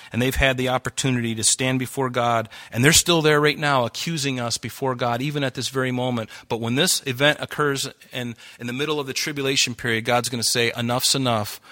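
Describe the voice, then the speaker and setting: A man's voice: medium pitch, bright, forceful tone. A man preaching a sermon to a congregation, fervent and worked up, breaking into laughs and asides. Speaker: pastor. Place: church hall before a congregation.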